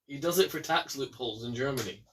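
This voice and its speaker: A young Scottish man hosting a casual bad-movie quiz, chatty, with quick asides and some swearing. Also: mid-range voice, a bit bright, far from the mic, a little hiss or hum. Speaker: quiz host.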